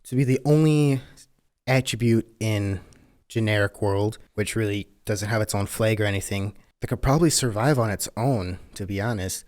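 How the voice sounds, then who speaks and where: A man's voice: lowish voice, moderate pace, a little mellow. A man co-hosting a casual card game podcast, wry and joking, with sarcastic asides and mild grumbling. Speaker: co-host.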